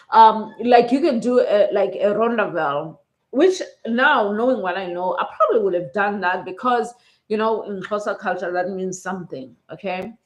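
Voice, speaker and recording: South african lady vlogging, chatty and emotional, keeps saying okay?, roomy echoey room. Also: medium pitch. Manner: chatty, often adds "okay?" to check in with viewers; emotional, close to tears. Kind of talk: casual personal storytelling. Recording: roomy echo.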